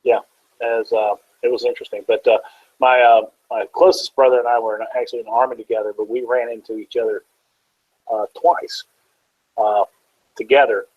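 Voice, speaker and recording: A man's voice: mid-range voice, little pitch movement, brisk, breathy edge, no room sound, muffled recording. A man guest in a casual interview, telling easygoing, joking stories.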